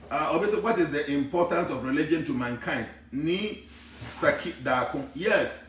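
A man's voice: a little high, a little fast, fairly bright tone. A man talks with viewers of a live stream as a spiritual teacher, switching between Twi and English and growing emphatic as he preaches. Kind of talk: live stream talk, reading viewer comments aloud. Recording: roomy echo, voice far from mic, faint background noise.

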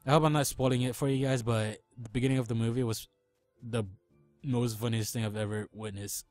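A young man talks through a survival game in a loose, rambling way, joking and throwing out silly animal noises. His voice sits at an ordinary middle pitch. Faint music plays underneath. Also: steady tone, fairly quick, a little mellow. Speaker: let's play gamer. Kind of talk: casual gameplay commentary.

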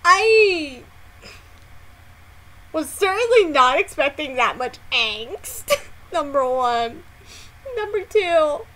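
A woman hosting a casual music reaction vlog, excitable and given to loud, dramatic exclamations and frequent swearing. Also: sits high, takes it slowly, long pauses.

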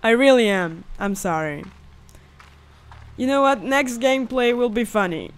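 A young woman commentating a horror game, swinging between shrieking panic and calm muttering and swearing a lot. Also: on the high side, unhurried. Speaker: gamer.

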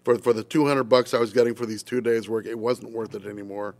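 An older man, a trumpeter being interviewed, telling a story in lively detail, stumbling over repeated words and laughing between lines. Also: on the low side, fast, no echo. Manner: acts out quoted voices, laughs often, restarts with repeated words. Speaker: trumpeter guest. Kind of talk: animated storytelling in a podcast interview.

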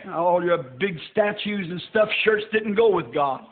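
An older man preaching a sermon in a church, folksy and rising to shouts. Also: high voice, animated, a little slow. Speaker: pastor. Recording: tinny roomy old sermon tape.

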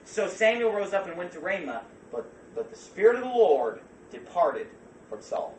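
A man preaching a fervent sermon as pastor, swinging from quiet passages to loud shouts. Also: high-pitched, very animated, normal speed, slight background noise. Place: church. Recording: echoey church from far off.

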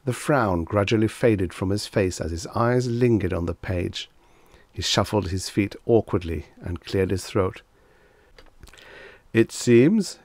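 A man narrating a vintage short story audiobook in a lively, expressive storytelling manner. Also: low-pitched, no room sound.

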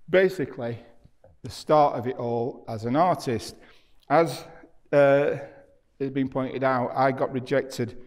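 With a darkish, mid-range voice, a middle-aged artist lectures publicly in a university hall, spinning anecdotes for the audience. He chats in a self-deprecating manner and acts out the dialogue he quotes.

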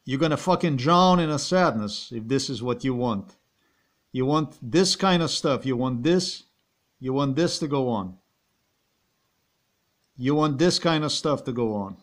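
Slow, ranting man with a Slovenian accent. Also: mid-range voice, lively intonation. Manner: ranting, repetitive, swears, rhetorical questions. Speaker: vlogger. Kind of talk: rambling ranting monologue.

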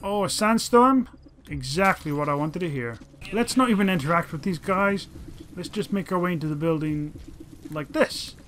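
Brief: high-pitched male let's-player, excitable, swears a lot, chatty play-by-play. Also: normal speed, slight background noise. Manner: excitable, profane, talks to his dog companion. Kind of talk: casual gameplay commentary.

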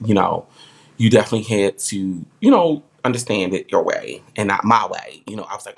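Rambling heartfelt man, lowish voice. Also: expressive, moderate pace, a bit bright. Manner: heartfelt, rambling with many "like" fillers. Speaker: live stream host. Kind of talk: casual live-stream chat.

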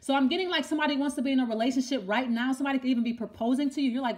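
A young woman with a high voice gives a tarot reading, talking to her listener directly. She rambles and thinks aloud, often repeating phrases as she asks the cards what they mean. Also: rapid-fire, hardly any pauses, darkish tone. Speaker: tarot reader.

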